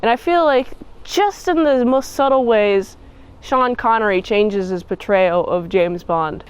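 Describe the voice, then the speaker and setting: A woman's voice: mid-range voice, measured pace, clean tone, low-quality recording. A woman giving a chatty, playful movie review outdoors in cold wind, shivering as she talks. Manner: chatty, gushing, playful asides.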